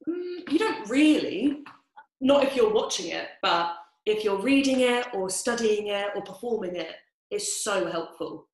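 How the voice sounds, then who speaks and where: A woman's voice: medium pitch, expressive, unhurried. Woman explaining stuff patiently, casual, kinda echoey room. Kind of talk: scripted educational chat. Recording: roomy echo.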